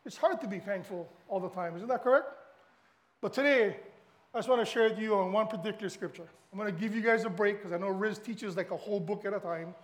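A man's voice: sits high, quick pace. A middle-aged man from Hawaii with a Hawaiian accent, a guest pastor giving a casual, chatty sermon to the congregation.

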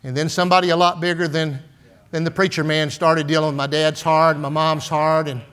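This sixty-something San Antonio pastor preaches a storytelling sermon in a folksy way, sprinkling in "and, uh" and "man" throughout. He talks a little fast with a flat delivery, his slightly high, somewhat bright voice sounding clear and resonant.

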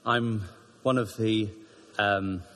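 A man with a Welsh accent giving a chatty, self-deprecating talk to his church, halting often with ums. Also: lowish voice, fairly even intonation, a bit bright. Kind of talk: informal sermon talk. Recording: echoey church hall.

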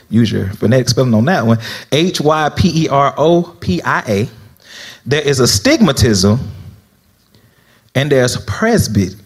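A young man from South Florida preaching a sermon as minister, talking conversationally with laughing asides and checking in with the congregation. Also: on the high side.

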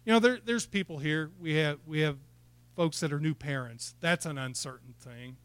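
Fired-up preacher, higher voice. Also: male voice, moderate pace, fairly bright tone, clean tone, no room sound. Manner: rising to fired-up exhortation, asks the congregation questions. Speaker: pastor. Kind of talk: sermon. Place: church.

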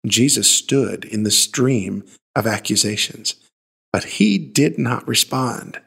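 Gravelly male preacher, dramatic storytelling. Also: mid-range voice, slow pace. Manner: dramatic, swings between hushed and emphatic. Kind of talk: dramatic Bible storytelling sermon.

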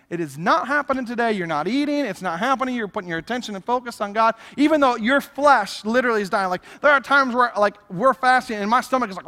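A man preaching a sermon as pastor, conversational and animated, acting out little asides to the congregation. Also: very high-pitched, fast, few pauses. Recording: long hall reverb.

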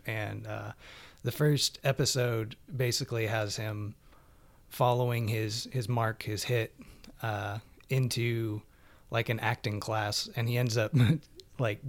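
A man chatting casually about TV shows he has been watching, loose and rambling with lots of fillers. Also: medium pitch.

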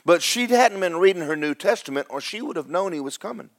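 A man's voice: high-pitched, lively intonation, fast, no room sound, clean studio sound. A man preaching a sermon, folksy and storytelling, acting out the characters. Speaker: pastor.

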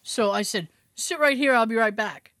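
A woman's voice: on the high side, normal speed, fairly bright tone, no echo, studio quality. A woman co-hosting a podcast, telling a family story in casual chat, swearing now and then and laughing as she goes. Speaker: podcast co-host.

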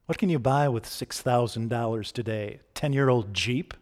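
A man's voice: medium pitch, normal speed, a little mellow. A man preaching a sermon in a conversational way, often asking the listeners direct questions.

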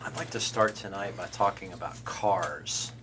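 A man's voice: sits low, steady tone, moderate pace, a bit bright, a little hiss or hum. A man hosting a casual podcast chat with his band, leading the talk and laughing often. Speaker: podcast host, band member.

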